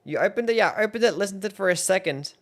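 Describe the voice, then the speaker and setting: A man's voice: high-pitched, expressive, racing. A young man streaming live, reacting to his own old videos, laughing, swearing and mocking himself.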